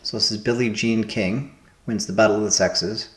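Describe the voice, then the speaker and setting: A man's voice: lowish voice, fairly even intonation, moderate pace, fairly bright tone. Man thinking aloud in an echoey room. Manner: musing, trial-and-error guessing of answers aloud. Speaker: host playing word puzzles. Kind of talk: casual thinking aloud while solving puzzles. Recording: roomy echo.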